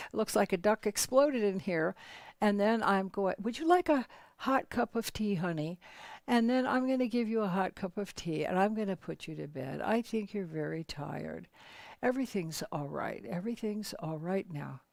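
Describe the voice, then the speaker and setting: A woman voicing a man, a gentle husband soothing his upset wife. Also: high-pitched, dry recording. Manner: soothing, softening.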